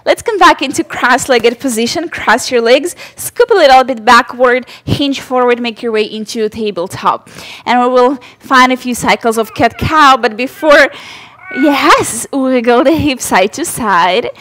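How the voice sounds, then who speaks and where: A woman guiding a yoga class in a high, light voice. She speaks slowly and gently, with encouraging cues and soft cooing to her baby. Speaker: yoga instructor. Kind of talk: guided yoga class instruction.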